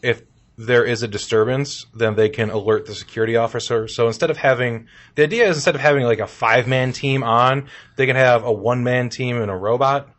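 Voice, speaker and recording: Male podcast co-host, casual rambling news banter, mid pitch. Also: fairly even intonation, fairly quick, fairly bright tone. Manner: jokey, rambling, with filler words. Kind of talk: casual comedic news chat.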